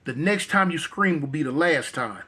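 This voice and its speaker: A man's voice: on the high side, lively intonation, normal speed, husky, heavily acted. A man voicing a violent male abductor who makes cruel threats. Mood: menacing. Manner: menacing, shouts threats.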